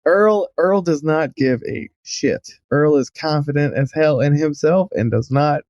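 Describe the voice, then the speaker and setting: A man's voice: on the high side, unhurried, a little mellow, no room sound, muffled recording. A man playing a tabletop role-playing game, talking in an eager, rambling way. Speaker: player. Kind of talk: tabletop role-play chat.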